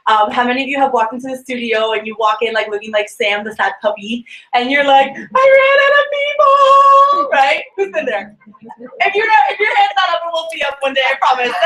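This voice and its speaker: A woman telling a sales story to a group. She talks in a lively way, acts out quoted voices and laughs often. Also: high voice, brisk, echoey room, low-quality recording. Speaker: sales consultant sharing a tip. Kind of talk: animated storytelling talk.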